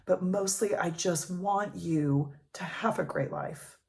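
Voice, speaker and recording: A woman's voice: on the low side, slow, gravelly, a little mellow. A woman in her thirties, a life coach, speaking earnestly and emotionally in a personal vlog. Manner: earnest, emotional, talks with emphasis.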